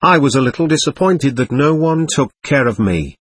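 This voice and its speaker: Husky man with a lively, rising-and-falling voice. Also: medium pitch, moderate pace, dry recording. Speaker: narrator. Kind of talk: first-person story reading.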